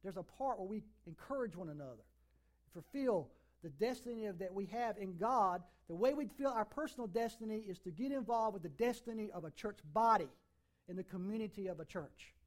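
High-voiced middle-aged pastor preaching. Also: male voice, expressive, fairly quick. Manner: emphatic, with sudden swings between loud and soft. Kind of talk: sermon.

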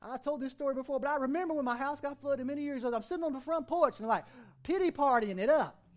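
A man's voice: extremely high pitch, fast talker. A middle-aged man preaching a sermon as pastor, folksy and conversational, with plenty of rhetorical questions.

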